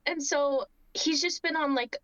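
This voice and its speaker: A woman's voice: high voice, unhurried, a bit bright, no room sound. A woman playing a tabletop game, giggling and rambling as she describes her character, on a dull lo-fi recording. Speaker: player. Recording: dull lo-fi sound.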